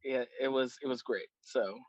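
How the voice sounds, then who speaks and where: A man's voice: medium pitch, moderate pace, no room sound, dull audio. A man, a dungeon master, telling a funny table story in casual chat. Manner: animated, laughing, with restarts.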